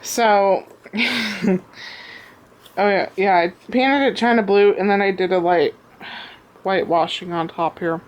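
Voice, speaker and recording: A woman showing off a craft piece she made, talking out of breath, with many pauses and ums, recorded on a camera on a tripod at home. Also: mid-range voice. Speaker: crafter showing her work. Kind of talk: casual show-and-tell.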